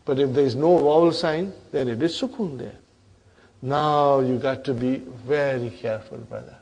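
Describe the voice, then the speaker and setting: A man's voice: medium pitch, lively intonation, moderate pace, gravelly, a little mellow, dull audio. A man teaching grammar in a lesson, drilling verb forms and checking in with "huh?" and "okay?", calling his student brother. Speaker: Arabic teacher.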